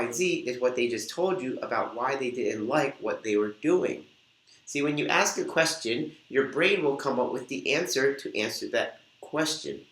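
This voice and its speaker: A man talks straight to camera in an upbeat coaching manner, walking viewers through sample conversations step by step. His voice sits at an ordinary middle pitch. The sound bounces around a roomy, echoing space. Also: a bit bright. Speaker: host and weight-loss coach. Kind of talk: instructional talk to camera. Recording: echoey room.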